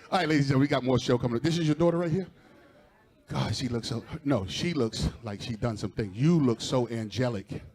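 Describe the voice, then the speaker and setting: A man's voice: medium pitch, moderate pace, pauses often, darkish tone, slightly rough. A man doing stand-up crowd work before a live audience, teasing people and laughing at his own jokes. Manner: teasing, laughing, talking straight to audience members. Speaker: stand-up comedian.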